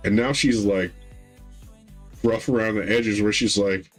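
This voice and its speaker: Man, thirties, low voice, rambling storyteller, acts out voices, faint music behind. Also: fairly even intonation, unhurried, long pauses, low-quality recording. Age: 30s. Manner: rambling, acts out quoted voices, laughs often. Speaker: podcast co-host. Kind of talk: casual storytelling chat.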